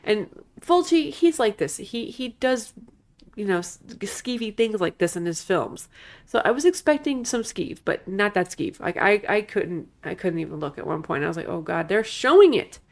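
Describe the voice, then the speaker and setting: A woman's voice: medium pitch, big pitch swings, normal speed. A woman co-hosting a casual movie podcast, reacting with emphatic disgust and sarcasm. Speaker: podcast co-host.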